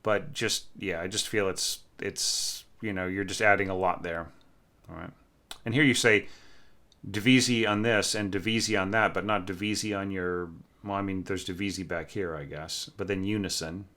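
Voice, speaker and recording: A man with a lowish, bright, forceful voice talks through a student's orchestral score. He thinks aloud with fillers and hums little bits of the music as he goes. His tone is that of a relaxed but exacting teacher giving feedback. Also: normal speed. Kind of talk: casual spoken score critique.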